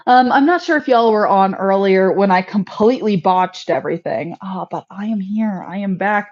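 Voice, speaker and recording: A chatty woman hosting a casual homestead livestream, laughing at her own mishaps. Her pitch sits in the middle range. The audio is a little dull and lo-fi. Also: darkish tone.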